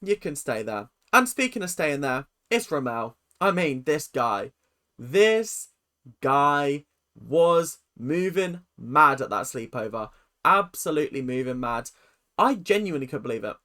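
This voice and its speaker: A YouTube commentator ranking reality-show contestants in a ranting, sarcastic, animated way, with pitch that jumps up and down. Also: measured pace.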